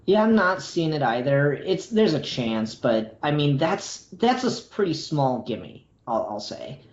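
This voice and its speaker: A man's voice: a little high, very animated, unhurried, a little hiss or hum. Hesitant man in an echoey room. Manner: hesitant, lots of fillers and restarts. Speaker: podcast co-host. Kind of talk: casual comic book discussion. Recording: echoey, dull lo-fi room sound.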